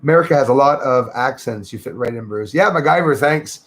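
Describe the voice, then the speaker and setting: Gravelly Quebec man chatting on livestream. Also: mid-range voice, expressive, a little fast, a bit bright. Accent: Québécois French. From Quebec, Canada. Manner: chatty, thanks viewers by name, lots of fillers. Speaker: livestream host. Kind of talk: casual livestream chat reading comments.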